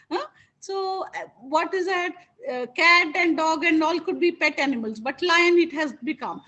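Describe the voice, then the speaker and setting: A woman teacher narrates a moral fable to her students. Her voice sits high, and she keeps pausing to ask the class questions. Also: pushed and bright, muffled recording. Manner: interactive, asks the listeners many questions. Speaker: spiritual teacher. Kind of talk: storytelling to a class.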